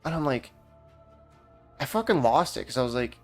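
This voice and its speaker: A man's voice: mid-range voice, big pitch swings, moderate pace, pauses often, faint music behind. A young man from Canada rambling through a profane, heated story while gaming, often restarting his sentences. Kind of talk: casual rant while gaming.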